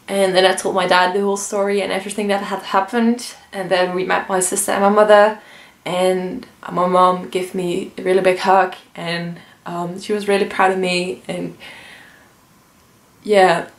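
A woman's voice: on the low side, little pitch movement, normal speed, gravelly. A young woman telling a personal story in an emotional, earnest vlog, with many fillers and restarts. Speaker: vlogger. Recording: roomy echo.

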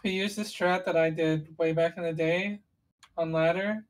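Brief: woman with a lower voice, co-host who walks through game strategy in loose, meandering detail. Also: fairly even intonation, normal speed, poor audio. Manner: rambling, detailed explainer with restarts. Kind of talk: casual gaming chat.

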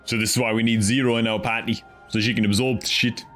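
A man's voice: medium pitch, little pitch movement, quick pace, a bit bright, faint music behind. A man reacting to a game cutscene and fight with casual, profane, joking commentary. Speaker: game streamer.

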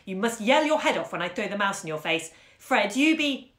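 A woman's voice: mid-range voice, sing-song, normal speed, a bit bright. A woman voicing a playful grown man who tells children a tall tale, jaunty and theatrical, in a roomy echo. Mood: eager.

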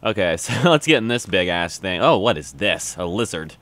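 A man's voice: deep voice, animated, normal speed, a bit bright. A man casually commenting on a farming game, rambling and correcting himself as he plays. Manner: rambling, self-correcting, chatty. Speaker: gameplay commentator.

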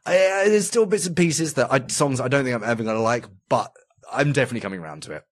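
Man, podcast co-host, rambling, restarts a lot, casual swearing, lively pitch, mid voice. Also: quick pace. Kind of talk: casual chat.

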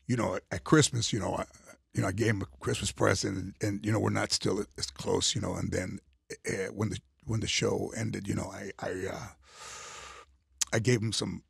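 An older man, a comedian guest, telling stories in a casual chat, going from quiet asides to punchy lines. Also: lowish voice, moderate pace, creaky, husky, no echo, studio quality. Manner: animated storyteller, drops to quiet asides then punches up. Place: radio studio.

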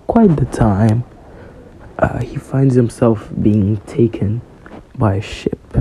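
A man telling a fan-made story in a casual, hesitant way, filling gaps with ums and you-knows. His delivery is slow and drawn out, and his voice sounds very dark and mellow. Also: medium pitch, gravelly, a little hiss or hum, poor audio. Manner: hesitant, full of fillers.

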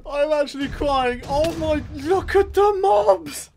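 Excitable gamer with a high voice. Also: slow pace, gravelly, a little hiss or hum, low-quality recording. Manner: excitable, jokey, loud outbursts. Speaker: let's play gamer. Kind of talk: gameplay commentary.

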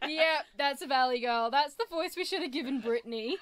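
A woman's voice: high-pitched, brisk, a bit bright, no room sound. A woman chatting casually while playing a game with a friend, giggling and reading the game's lines aloud in playful voices. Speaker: let's play co-host. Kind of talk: casual gameplay chat, reading dialogue aloud.

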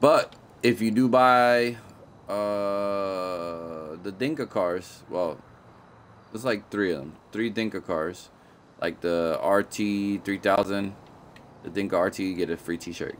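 A man's voice: deep voice, unhurried, a little hiss or hum. A man doing casual live-stream commentary on a video game, playful and slangy, often repeating himself and apologizing. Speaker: gaming streamer.

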